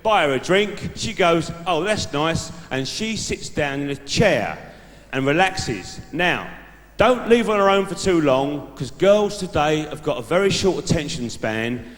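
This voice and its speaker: A man's voice: a little high, lively intonation, a little slow. A man doing a stand-up act as a brash, laddish bloke giving dating tips to a live audience. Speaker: stand-up comedian. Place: large live venue stage. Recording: echoey hall from the stage mic.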